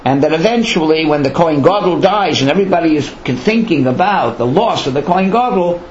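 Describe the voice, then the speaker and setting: A man's voice: on the high side, animated, fairly quick, a little hiss or hum. A man teaching a Torah lecture in a conversational way, often asking rhetorical questions. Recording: roomy, dull lo-fi with faint ambience.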